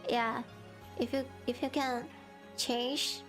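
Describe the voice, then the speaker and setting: Woman streamer with a sore throat, slightly high. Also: flat delivery, fairly bright tone, faint music behind. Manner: earnest and encouraging, halting non-native English phrasing. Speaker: VTuber streamer. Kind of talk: casual live-stream chat with encouraging advice.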